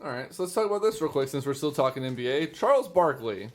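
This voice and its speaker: A man's voice: medium pitch, lively intonation, racing. A man co-hosting a sports talk podcast who reads news items aloud, then riffs casually and swears freely. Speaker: podcast co-host.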